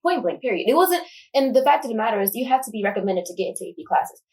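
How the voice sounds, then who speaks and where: A woman's voice: on the high side, animated, darkish tone, recorded from a distance, low-quality recording. A young woman talking passionately in a casual discussion, packing her speech with fillers like "like". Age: young adult. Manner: passionate, fast, filler-heavy. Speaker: student guest.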